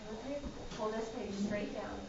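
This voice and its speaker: A woman's voice: mid-range voice, moderate pace, heavy background noise. A woman teaching a phonics lesson to young children, calling on students by name and giving firm directions in a sing-song way. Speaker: kindergarten teacher. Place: classroom with children on a rug. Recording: roomy, distant, dull classroom camera recording. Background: children's voices.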